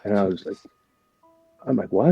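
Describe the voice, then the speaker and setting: A man's voice: fairly low pitch, normal speed, vocal fry, mellow, breathy edge, no room sound, dull audio, faint music behind. A man, a military veteran, talks candidly as a podcast guest and keeps asking "right?" while he swears casually. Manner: candid, profane, full of "right?" and "like". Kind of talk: casual storytelling.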